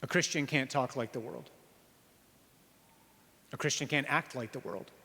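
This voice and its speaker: A priest giving an earnest sermon, slowing down on key phrases and asking the listeners rhetorical questions. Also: male voice, mid-range voice, sharp tone. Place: church. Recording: reverberant church hall.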